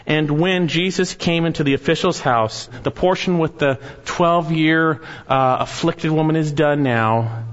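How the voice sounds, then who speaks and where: A man preaching an earnest expository sermon as pastor, rising to animated emphasis on key points. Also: fairly high pitch. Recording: muffled sound with long hall reverb.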